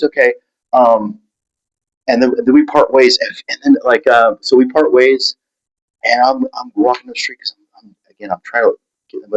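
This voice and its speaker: A man telling a personal story in a halting, rambling way, full of restarts and fillers, acting out the voices of people he met. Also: on the low side, poor audio.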